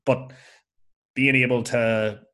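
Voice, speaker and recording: A man with a Lurgan accent from Northern Ireland hosting a casual podcast conversation, talking in a blunt, candid and animated way. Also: mid-range voice, slow. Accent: Northern Irish, Lurgan. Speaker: podcast host.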